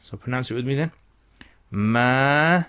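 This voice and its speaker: Slow, patient male reading teacher. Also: mid-range voice. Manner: patient, repeats syllables and stretches vowels for learners. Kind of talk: slow step-by-step lesson.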